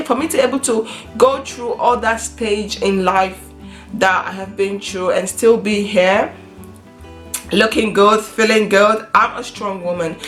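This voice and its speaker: A woman and mother talking casually to camera in an earnest way, often repeating and restarting her phrases. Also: medium pitch. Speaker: vlogger, mother. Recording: echoey room with soft guitar music.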